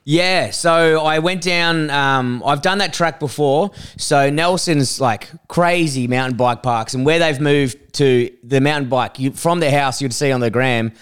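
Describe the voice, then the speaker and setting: A man co-hosting a comedy podcast, spinning yarns in a loose, profane style and slipping into voices for the people he describes. His voice sits a little high and comes through smooth and clean. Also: a little slow, few pauses. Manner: animated, swears often, acts out voices in anecdotes. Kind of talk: casual banter and storytelling.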